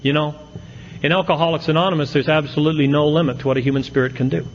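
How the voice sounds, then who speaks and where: A man's voice: a little high, fairly even intonation, very fast, highs cut off, slight background noise. A middle-aged man speaking at an AA meeting, telling his recovery story with folksy, self-mocking humor and punchy comic timing.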